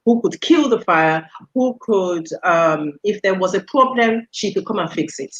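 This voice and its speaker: A middle-aged woman from the UK speaks as an interview guest with an animated, storytelling manner. Her voice sits in a mid range, and she talks in a relaxed, conversational way. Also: medium pitch, measured pace, muffled recording. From United Kingdom. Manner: animated storyteller, laughs often, acts out quoted voices. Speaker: guest, radio station executive. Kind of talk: casual interview chat.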